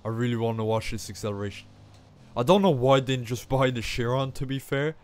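A young gaming YouTuber hosts his channel with casual gameplay commentary, excitable and self-mocking, frequently bursting into exclamations. His mid-range voice is smooth and a little fast.

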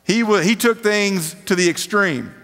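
A male preacher with a twang and a noticeably high voice delivers a laid-back sermon. He reads scripture and throws casual rhetorical questions at the crowd. His voice rings through the long reverb of a big worship hall. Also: unhurried, fairly bright tone. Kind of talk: conversational sermon.

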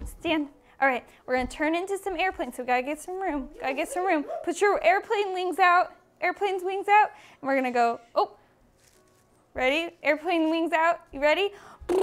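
A woman's voice: very high-pitched, normal speed. A woman teaching preschoolers, leading them in movement games and cheering them on while she moves along with them. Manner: playful, cheering kids on while moving along. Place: indoor room with small children.

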